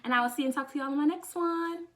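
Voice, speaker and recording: Young woman, vlogger, fairly high voice, sassy, chatty, excitable. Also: quick pace. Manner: sassy and chatty, says honey a lot; emotional, close to tears with excitement. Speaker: beauty vlogger. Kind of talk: casual chat to camera.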